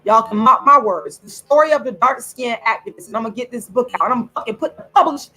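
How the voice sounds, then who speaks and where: Furious husky woman ranting. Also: on the high side, pushed and bright, low-quality recording. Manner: furious, repetitive, swearing, drawn-out emphatic words. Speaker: channel host. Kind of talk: angry direct-to-camera rant.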